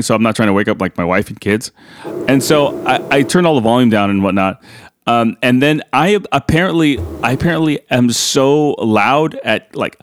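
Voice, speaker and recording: A man in his thirties co-hosting a casual soccer chat, talking in an animated, rambling way with lots of fillers and restarts. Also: medium pitch, dry recording. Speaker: podcast co-host.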